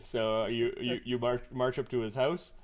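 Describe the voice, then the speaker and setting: A man narrating as game master in a relaxed, hesitant way with many fillers. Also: medium pitch, normal speed.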